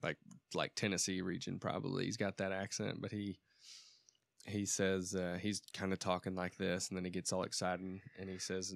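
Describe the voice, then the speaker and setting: Gravelly low-voiced man chatting. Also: completely flat delivery, normal speed, no room sound, clean studio sound. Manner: rambling, self-correcting, restarts often. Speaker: podcast co-host. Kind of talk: casual chat.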